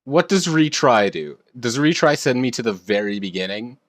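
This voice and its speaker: A man streaming a video game live, thinking aloud, shifting between low mutters and frustrated outbursts. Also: animated, moderate pace. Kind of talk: casual live gameplay commentary.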